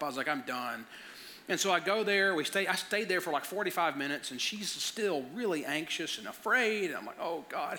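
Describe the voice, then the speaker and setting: A man's voice: a little high, bright, forceful tone, slight background noise. A man preaching a conversational sermon, telling personal stories and often stammering and repeating words. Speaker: pastor.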